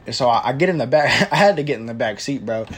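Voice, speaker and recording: Young man, casual storyteller, slangy and profane, rambling delivery, mid-pitched voice. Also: expressive, quick pace, husky. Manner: slangy, profane, says "bro" constantly; rambling with filler and restarts.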